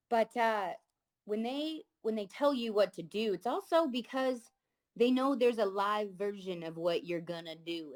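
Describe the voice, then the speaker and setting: Outspoken woman host, thirties, mid pitch, lively storyteller. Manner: candid, swears freely, animated storytelling. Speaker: podcast host. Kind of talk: casual chat.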